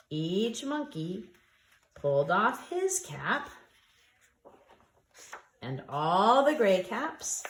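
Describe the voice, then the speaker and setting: A woman reading a picture book aloud to preschool children, drawing out the words and inviting them to join in. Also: medium pitch. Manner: expressive, drawn-out, asks listeners to join in. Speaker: storyteller for a preschool. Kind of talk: children's story read-aloud. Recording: echoey room.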